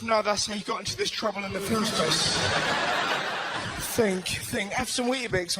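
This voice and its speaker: A man doing stand-up, telling a story with acted-out voices and shouted punchlines, on a stage mic in front of a laughing audience. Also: sits high, normal speed, background noise. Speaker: stand-up comedian. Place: comedy stage before an audience. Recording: live venue with loud audience laughter.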